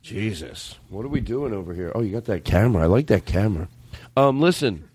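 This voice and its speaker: A man hosting a comedy podcast, rambling and laughing in an excitable, casual chat. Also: on the low side, brisk, slightly rough, no echo. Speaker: podcast host.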